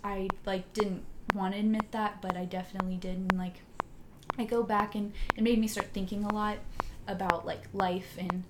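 A woman, a podcast guest, telling a personal story in a casual, halting way with many fillers and restarts, sometimes dropping almost to a whisper. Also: mid-range voice, level tone. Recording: loud background noise with clicks.

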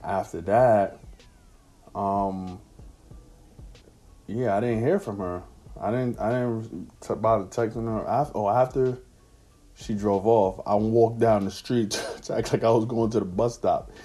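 Slangy man telling a story, husky and mellow. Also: lowish voice, fairly even intonation, measured pace, faint music behind. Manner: slangy, profane, laid-back street talk. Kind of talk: casual personal anecdote.

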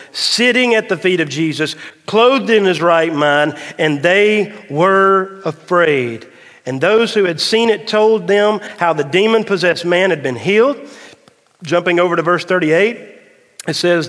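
Man, pastor, sermon, swelling climaxes, slow low emphasis, lingering church echo. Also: a bit bright. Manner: folksy, tells a dad joke. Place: church sanctuary. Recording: long hall reverb of a church.

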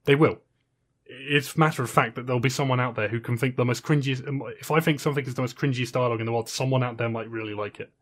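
Male podcast co-host with a mid-range voice, earnest and steady, argues his case plainly. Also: medium pitch, fast talker. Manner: earnest, steady, lays out an argument. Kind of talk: casual chat.

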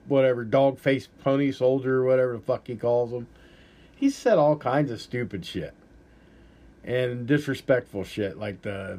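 A man's voice: mid-range voice, darkish tone. A man hosting a podcast, giving rambling, profane, blunt political commentary in a casual way. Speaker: podcast host.

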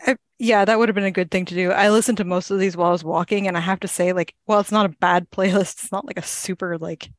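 A woman's voice: medium pitch, fairly even intonation, quick pace, hardly any pauses, no room sound. A woman in her thirties with a Canadian accent, co-hosting a podcast in casual chat with a dry, laid-back humor. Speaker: podcast co-host.

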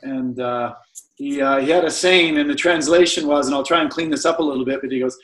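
A man's voice: medium pitch, a little fast, a bit bright, echoey room. An older man from Canada, a podcast guest, chatting casually and telling anecdotes. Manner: chatty, anecdotal, easy laughter. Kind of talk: casual chat.

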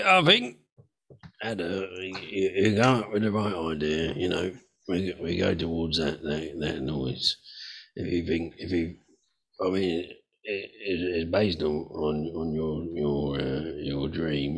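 A man with a very deep voice plays at a tabletop game. His voice is full of gravelly fry, and he rambles in halting, repeated phrases. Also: bright, forceful tone. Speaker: player. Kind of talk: in-character tabletop play.

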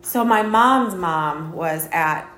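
A woman's voice: on the low side, lively intonation, slow, fairly bright tone. A woman co-hosting a podcast in casual chat, with wry, dry asides. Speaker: podcast co-host. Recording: echoey room, faint noise.

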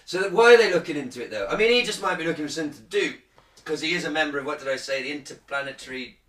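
A man's voice: fairly high pitch, very fast, fairly bright tone, reverberant, poor audio. A man co-hosting a casual podcast, reading a news article aloud and joking and swearing along the way. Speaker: podcast co-host.

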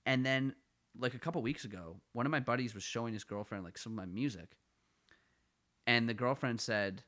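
A man's voice: medium pitch, fairly quick, fairly bright tone. Rambling young man with Ottawa Valley accent. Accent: Ottawa Valley Canadian. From Ottawa Valley, Canada. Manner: rambling, self-mocking, stumbling restarts. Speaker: podcast co-host. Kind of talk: casual comedic chat.

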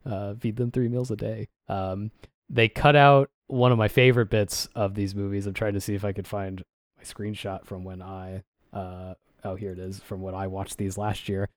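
A deep-voiced man co-hosts a podcast in casual conversation, rambling with plenty of fillers and acting out quotes from something he watched. His delivery is flat and at normal speed, in a dry, studio-quality recording.

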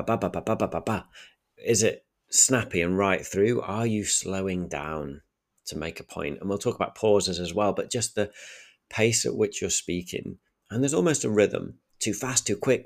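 A man talking through practical communication tips in a solo podcast, shifting his pace and volume to demonstrate each point. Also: sits low. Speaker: communication coach.

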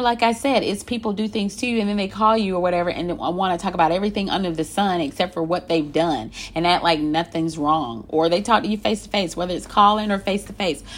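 A woman speaking casually and emphatically straight to the listener, asking rhetorical questions and repeating herself in exasperation. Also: medium pitch. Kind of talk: casual monologue, advice.

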